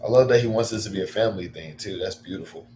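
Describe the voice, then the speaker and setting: A man chatting casually on a livestream, rambling with lots of fillers and breaking into excited bursts. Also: sits low, quick pace, a little hiss or hum.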